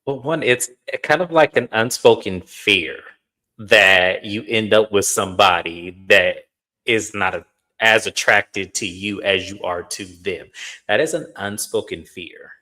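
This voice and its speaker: A man co-hosting a casual live chat, blunt and emphatic, hammering his points home. His voice is fairly low but bright and forceful. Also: a little slow.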